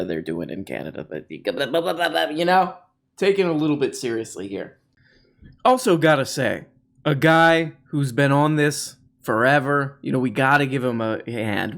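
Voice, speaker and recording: A man's voice: mid-range voice, gravelly. A man hosting casual political commentary, talking in a sardonic, mocking way with frequent restarts. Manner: sardonic, mocking, with many restarts and put-on quote voices.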